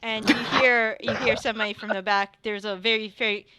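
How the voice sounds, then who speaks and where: A woman's voice: on the high side, fairly even intonation, fairly quick, very noisy. A woman game master narrating a tabletop game, rambling with restarts. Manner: rambling, many fillers and restarts.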